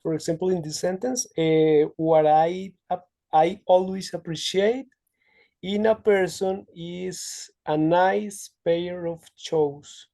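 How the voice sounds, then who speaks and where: A woman student answers her teacher in an English class, speaking slowly and hesitantly. Her voice is dark, with a gravelly edge. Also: lowish voice, fairly even intonation.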